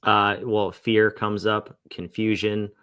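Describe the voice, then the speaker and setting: A man's voice: on the low side, flat delivery, slow, a bit bright, smooth. A male podcast host in a casual interview, often restarting and repeating words as he thinks aloud.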